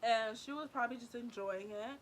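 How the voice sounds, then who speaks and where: A woman in her twenties telling a personal story on her vlog, with animated and emphatic delivery full of "like". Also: on the high side, brisk, slight background noise. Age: 20s. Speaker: vlogger.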